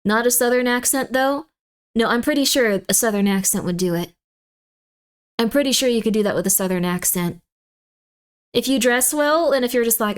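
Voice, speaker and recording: A woman's voice: a little high, normal speed, clean tone. A woman streamer chatting casually on a livestream, rambling and playfully emphatic.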